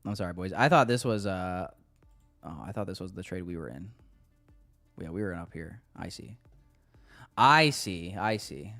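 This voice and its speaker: With a low, animated voice that sounds pushed and bright, this day trader streams live and trades loose, joking, sometimes crude remarks with viewers. He keeps a moderate pace but pauses often, and soft music runs in the background.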